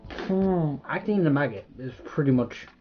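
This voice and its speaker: Soft background music accompanies a young Irish vlogger whose slightly high voice is animated and at normal speed. The highs are cut off. He does a quiz in casual chat, rambling, swearing freely, and leaving thoughts unfinished.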